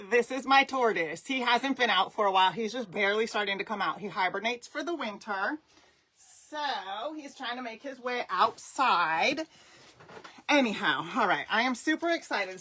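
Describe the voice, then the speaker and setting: A woman's voice: a little high, lively intonation, measured pace, sharp tone, slightly rough. A middle-aged woman from Southern California, chatting enthusiastically with viewers as she teaches a live crafting tutorial. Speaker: craft instructor.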